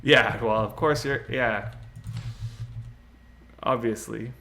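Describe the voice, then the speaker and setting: A man's voice: medium pitch, takes it slowly, pushed and bright, slight background noise. A man chatting casually on a game live stream, rambling, laughing often and answering viewers' chat. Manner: laughs often, with many fillers like "you know".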